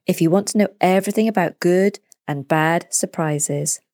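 A woman narrating a children's story as the storyteller, in a clear and deliberate way. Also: on the low side, darkish tone, dry recording, clean studio sound.

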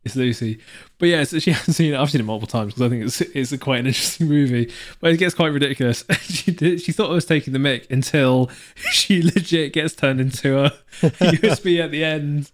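A man's voice: on the high side, fairly quick, hardly any pauses. A man co-hosting a podcast, rambling casually with frequent laughs and restarted words. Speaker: podcast co-host. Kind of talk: casual chat.

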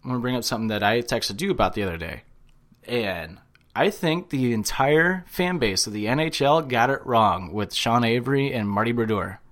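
A man co-hosting a podcast in casual sports chat, excitable and swearing a lot, full of "like" fillers. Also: medium pitch, normal speed. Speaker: podcast co-host.

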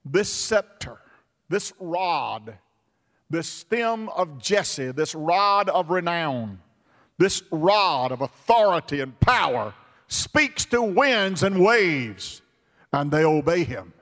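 A male preacher delivering a sermon in a measured, drawn-out rhythm, his voice sitting somewhat high for a man. He builds emphasis through repetition and breaks into sudden shouts. His words ring out with a long hall reverb behind them. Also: very animated.

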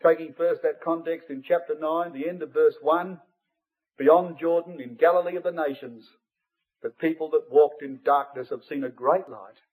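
A man preaching a Bible study sermon to his congregation, earnest and emphatic, rising to forceful peaks and dropping to hushed asides. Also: fairly high pitch, normal speed, slightly rough. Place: church hall. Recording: tinny lo-fi phone-like line.

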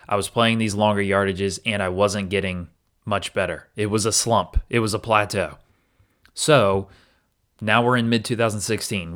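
A man with a low-leaning, slightly bright voice hosts a reflective solo podcast episode. He recounts his own experience earnestly and candidly, with occasional restarts.

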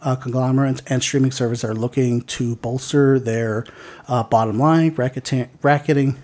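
A man's voice: mid-range voice, steady tone, moderate pace, a little mellow. A man co-hosting a casual podcast, reading news items aloud with lots of fillers and stumbles. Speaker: podcast co-host.

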